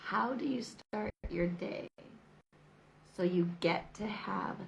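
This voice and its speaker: A woman's voice: mid-range voice, slow pace, gravelly, slight background noise, rough recording. A middle-aged woman talking to camera in a casual, motivational way, emphatic and repetitive, with chatty asides. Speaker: vlogger.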